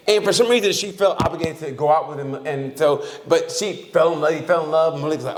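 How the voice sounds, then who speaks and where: Male podcast co-host, quick and rambling, slightly high voice, roomy echo. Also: expressive. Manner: rambling, repeats "listen" and restarts, laughs while telling a story. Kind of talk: casual podcast banter.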